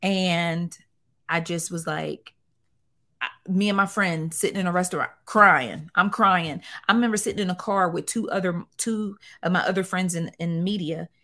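Expressive woman telling her story candidly. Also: on the low side, normal speed. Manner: expressive, animated, with colloquial phrasing. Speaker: guest.

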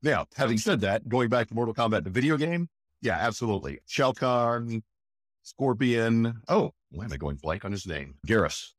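A man's voice: mid-range voice, expressive, normal speed, no room sound, studio quality. A man who works as a voice actor, chatting in an interview, enthusiastic and emphatic, often tossing in "again" and "right?". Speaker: voice actor guest. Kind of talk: casual interview chat.

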